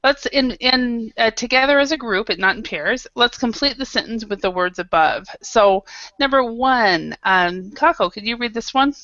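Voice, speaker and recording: A woman's voice: a little high, normal speed, sharp tone, dry recording. A woman teaching an online English class, patiently modelling pronunciation over a video call. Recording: dull lo-fi video call audio.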